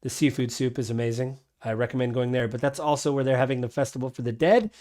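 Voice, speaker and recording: A man's voice: mid-range voice, fast talker, mellow, close to an everyday voice. A man voicing a friendly middle-aged stable keeper who talks in a chatty way, with many fillers. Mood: obliging.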